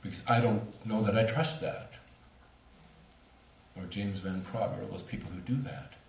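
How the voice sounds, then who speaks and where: A man's voice: on the low side, fairly even intonation, measured pace, gravelly, a little mellow. A middle-aged man speaking to an audience, telling a personal story in a candid, self-mocking way with laughs. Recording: roomy hall, voice from far off.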